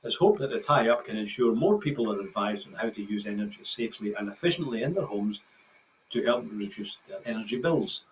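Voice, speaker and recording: A man's voice: on the low side, lively intonation, fairly quick. A man with a Scottish accent presenting a news bulletin, reading steadily with occasional stumbles and restarts. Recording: slightly distant mic with faint background noise.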